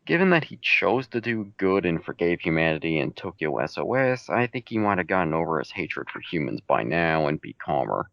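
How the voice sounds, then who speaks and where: Deep gravelly man, laid-back. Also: very animated, brisk, hardly any pauses, dry recording. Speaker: fan fiction author answering reader questions. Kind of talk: casual Q&A chat. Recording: dull home mic recording.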